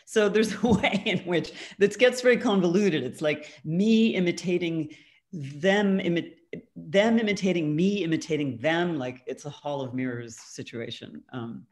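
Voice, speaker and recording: A low-pitched woman, appearing as a guest artist on a video call, takes questions from the audience in a reflective, chatty manner. Light laughs punctuate her answers, and she hedges with "um" and "kind of."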